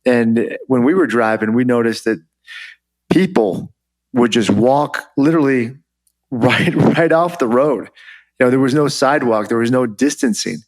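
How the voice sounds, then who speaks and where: A man's voice: medium pitch, a little slow. A man in his forties, a former Army officer, telling stories as a podcast guest in a loose, chatty way full of "you know" and "like". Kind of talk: casual interview storytelling.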